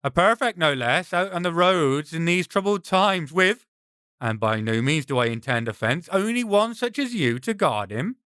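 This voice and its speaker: A man voicing a menacing, smooth-talking brigand with a mocking, silky courtesy. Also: on the high side, lively intonation, moderate pace, a bit bright, no echo, clean studio sound, pitched above the performer's own voice.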